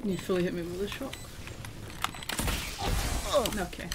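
A woman's voice: lowish voice, level tone, measured pace, noisy background. A woman playing a team shooter game, giggling and giving directions to teammates in casual voice chat. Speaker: game player.

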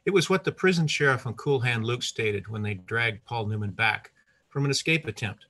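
An older man telling a personal story to an audience, lively, with asides and self-corrections. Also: medium pitch, moderate pace.

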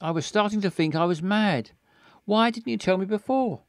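A man's voice: high voice, normal speed, voice pushed up. A man reading an anxious young woman.

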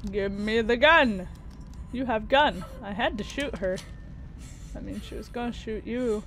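A woman's voice: medium pitch, normal speed, a bit bright, slight background noise. A young woman commenting on a video game as she plays, sentimental and reading game prompts aloud. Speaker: gaming YouTuber. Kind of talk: let's-play commentary.

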